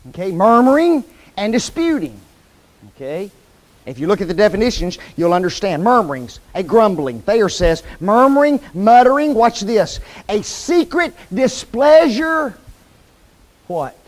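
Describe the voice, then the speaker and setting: A man preaching a sermon in a church, asking the congregation questions and quoting scripture slowly and emphatically. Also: high voice, rough recording. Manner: lively call-and-response questions to the congregation. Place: church hall.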